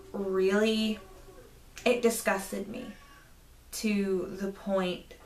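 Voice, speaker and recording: A woman's voice: medium pitch, a bit bright, echoey room, recorded from a distance. A woman in her twenties telling a story to camera, indignant and rambling, with many fillers. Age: 20s. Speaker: vlogger. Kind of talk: storytime vlog.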